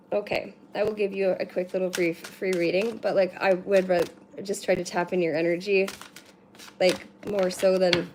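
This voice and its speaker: A woman's voice: fairly low pitch, steady tone, unhurried, darkish tone. A woman giving a casual livestream card reading at home, chatty and rambling, with lots of filler words and casual swearing. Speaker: card reader. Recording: noisy with card shuffling and clicks. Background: shuffling cards and clicks.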